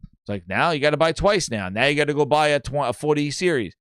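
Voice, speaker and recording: A man's voice: a little high, animated, fast talker, fairly bright tone, clear, resonant tone, dry recording, studio quality. A man hosting a gaming news show, rambling and mocking in casual chat, with many restarts. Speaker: gaming podcast host.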